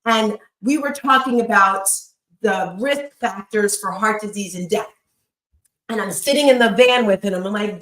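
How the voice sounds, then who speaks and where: A woman's voice: medium pitch, measured pace, fairly bright tone, roomy sound, low-quality recording. A woman in her fifties hosting a motivational live chat, speaking emphatically and telling stories straight to her listeners. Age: 50s. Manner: emphatic, storytelling, talks to the audience directly. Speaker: host.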